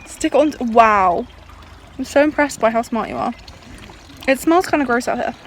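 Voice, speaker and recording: A woman's voice: a little high, expressive, moderate pace, a little hiss or hum. A young woman chatting casually to a handheld camera at home, exclamatory and self-mocking. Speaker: vlogger. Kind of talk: casual vlog chat. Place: home and garden. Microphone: handheld camera, shaky.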